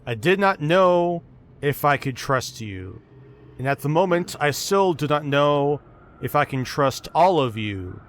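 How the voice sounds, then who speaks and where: A man voicing an ancient gold dragon that is formal, measured and wary, in a tabletop game. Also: fairly high pitch, expressive, slight background noise. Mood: guarded.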